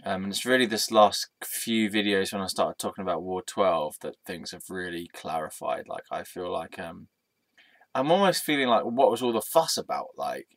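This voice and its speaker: A man in his thirties with a low voice talks straight into the camera in a dry, close sound with no room echo. He rambles candidly through a personal vlog, swearing freely and filling gaps with ums. A dry, sarcastic streak runs underneath. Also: fairly bright tone. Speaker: vlogger. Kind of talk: casual personal vlog monologue.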